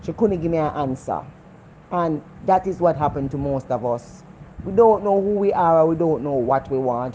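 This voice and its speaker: A woman's voice: low-pitched, warm tone, lo-fi sound, a little hiss or hum. A woman with a Jamaican accent giving a heartfelt motivational talk, earnest and repetitive as she preaches life lessons. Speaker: vlogger.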